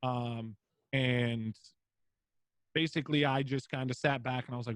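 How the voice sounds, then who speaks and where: A man's voice: medium pitch, fairly even intonation, measured pace, a bit bright, clean tone. A young man chatting as a guest on a podcast, loose and rambling with plenty of fillers and swearing. His voice sits mid-range and sounds dry and close, with no room echo. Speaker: streamer guest. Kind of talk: casual podcast interview.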